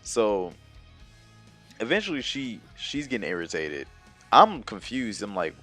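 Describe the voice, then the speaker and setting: A man's voice: lowish voice, measured pace, soft background music. A young man telling a personal story in a casual, rambling, slangy way, full of fillers and quoted exchanges. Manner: rambling, slangy, animated retelling with many fillers. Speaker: storyteller vlogger.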